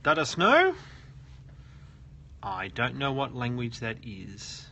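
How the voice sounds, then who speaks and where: An Australian man hosts a casual live SEO question stream from his work office, joking around and reading viewer comments aloud. His medium-pitched voice is slow and sharp, with huge pitch swings, and a little hiss or hum sits in the audio.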